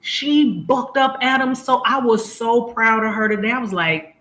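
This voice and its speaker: High, bright-voiced woman streaming live. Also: moderate pace. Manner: chatty, laughs often, greets viewers by name. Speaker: live-stream host chatting with viewers. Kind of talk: casual live-stream chat. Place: home room, lights turned down. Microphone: camera mic. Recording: echoey room.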